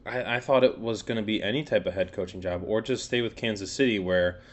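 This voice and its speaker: A man's voice: on the low side, fairly quick. A young man co-hosting a casual sports podcast, rambling with lots of fillers and swearing. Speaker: podcast co-host.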